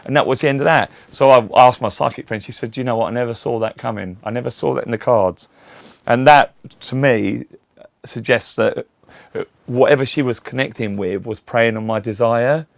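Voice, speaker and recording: A middle-aged Elvis tribute act, appearing as an interview guest, tells rambling anecdotes in a casual chat and acts out the voices of the people in them. His voice is medium-pitched, brisk and gravelly, on a dry recording.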